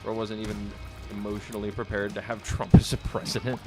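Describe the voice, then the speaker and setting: A man's voice: on the low side, fairly quick, music in the background. A man livestreaming, reading out his chat and answering it in a combative, sarcastic way, swearing freely and laughing at his own jokes. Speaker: streamer.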